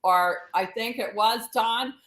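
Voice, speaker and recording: Woman host, upbeat and warm-toned chat, bright voice, roomy sound. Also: a little high, slow. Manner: upbeat, laughs easily. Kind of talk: casual interview chat.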